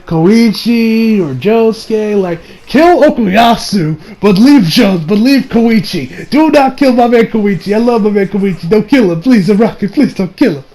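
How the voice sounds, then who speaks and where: A man's voice: sits high, animated, unhurried, hardly any pauses, warm tone, poor audio. A young man casually recapping an anime episode, rambling and playful, laughing as he retells scenes.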